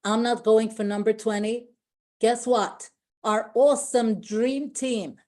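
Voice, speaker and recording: Woman on a company call, all gushing and restarting sentences, soft warm tone. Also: a little high, fairly even intonation, slow pace. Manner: effusive, repeats herself, restarts sentences. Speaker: company team leader speaking on a call. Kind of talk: emotional motivational speech.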